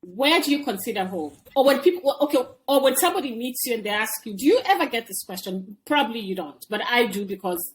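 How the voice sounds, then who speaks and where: A woman's voice: on the high side, lively intonation, quick pace, few pauses, low-quality recording. A woman host with a noticeable foreign accent, chatting casually and laughing easily while she asks questions. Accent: non-American. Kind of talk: casual interview chat.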